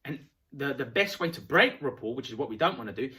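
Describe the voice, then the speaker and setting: A man teaching about rapport in a casual, animated way, acting out short dialogues. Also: mid-range voice, fast. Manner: animated, acts out little dialogues. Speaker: self-help coach.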